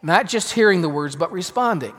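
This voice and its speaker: A man, a pastor, preaching a sermon with emphatic swings between loud and hushed delivery. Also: high voice, expressive, fairly quick, faint music behind. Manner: emphatic, dramatic shifts in loudness. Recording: long reverb of a large hall.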